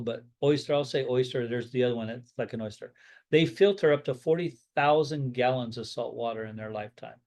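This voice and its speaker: A rabbi teaching a Bible study in a loose, conversational way, full of fillers and restarts, voicing strong opinions and telling stories. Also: male voice, medium pitch. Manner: rambling, off-the-cuff, with many fillers and restarts; opinionated, tells stories with lively acted-out dialogue. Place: Florida.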